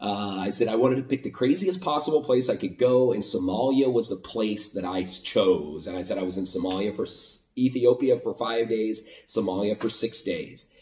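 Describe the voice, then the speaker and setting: A man's voice: lowish voice, moderate pace, few pauses, echoey room, distant mic. American man telling a travel story. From United States. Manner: animated retelling, acting out both sides of conversations. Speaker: vlogger. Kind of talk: casual storytelling monologue.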